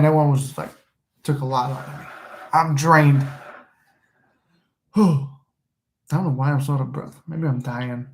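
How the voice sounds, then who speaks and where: A man's voice: medium pitch, mellow, roomy sound. A man who coaches manifestation, giving a casual, rambling motivational talk to camera and swearing now and then.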